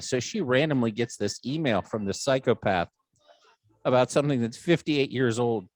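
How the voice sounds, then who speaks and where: A man's voice: medium pitch, moderate pace, no echo. A middle-aged man hosting a podcast, telling a long funny family story in casual chat and acting out the voices of the people in it. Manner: animated storyteller, acts out quoted voices, swears freely. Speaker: podcast host.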